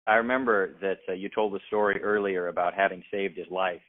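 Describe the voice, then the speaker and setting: A man's voice: deep voice, steady tone, fairly quick. A male interviewer asking hesitant, rambling questions with fillers. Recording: tinny, phone-like sound.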